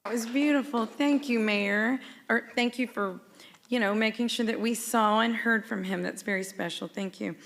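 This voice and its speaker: A woman emcee thanks the speakers and introduces the next one with gracious formality. Her voice is higher than usual and has a gravelly edge. She sounds distant, with a long hall reverb trailing her words. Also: moderate pace, a bit bright. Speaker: ceremony emcee.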